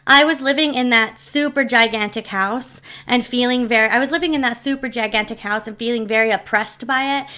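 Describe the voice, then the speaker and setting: Woman, vlogger, rambling heartfelt storytelling, slightly higher voice, casual chat to camera. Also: fairly quick, few pauses, bright, forceful tone. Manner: rambling, heartfelt, with many restarts and asides. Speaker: vlogger telling personal stories.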